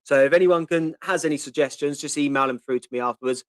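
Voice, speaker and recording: With a Pompey accent and a voice on the high side, a man in his fifties talks at a quick pace while hosting an informal live-stream question session. He reads comments from viewers, answers them, and says "um" often. No echo is present.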